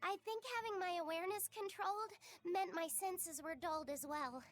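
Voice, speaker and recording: A woman voicing an earnest young boy companion in a video game, with a very high boyish voice. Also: normal speed, a bit bright. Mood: shivering. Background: faint game music.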